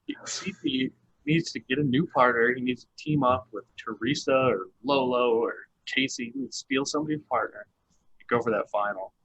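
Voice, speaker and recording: A man's voice: mid-range voice, sing-song, moderate pace, vocal fry, a bit bright, breathy edge, lo-fi sound. A man co-hosting a podcast, recapping a reality show in a chatty, casual way with lots of fillers and laughter. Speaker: podcast co-host.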